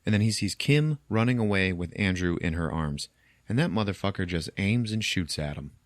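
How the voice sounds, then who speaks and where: A man's voice: low-pitched, expressive, normal speed, no room sound, studio quality. A man hosting a podcast, casually retelling a movie's plot, acting out the characters' lines and laughing often. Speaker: podcast host. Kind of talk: casual film recap.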